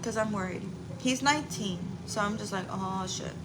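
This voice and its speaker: Chatty mom on a live stream. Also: female voice, mid-range voice, moderate pace. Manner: chatty and candid, swears casually, laughs often. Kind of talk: casual live-stream chat. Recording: noticeable background noise.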